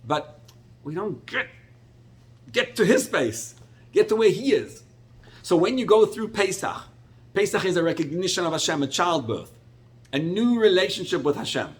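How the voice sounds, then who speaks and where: A middle-aged man, a rabbi, teaching a Torah class with animated, expressive storytelling and sudden jumps in pitch. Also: moderate pace, long pauses.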